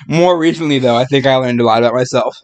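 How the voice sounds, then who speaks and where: A man hosting a casual podcast who keeps breaking into laughing fits. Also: medium pitch. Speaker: podcast host. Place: in-person podcast room.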